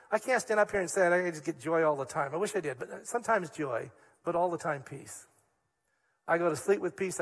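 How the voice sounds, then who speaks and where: A man's voice: fairly high pitch, fairly bright tone, long reverb tail. A man preaching a sermon as a pastor, earnest and emphatic, repeating key words for weight. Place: church hall.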